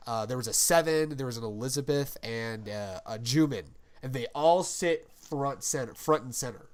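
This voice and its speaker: A man co-hosting a casual podcast, loose and rambling as he recounts events. He laughs often and drops crude jokes along the way. His pitch sits in an ordinary middle range. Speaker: podcast co-host.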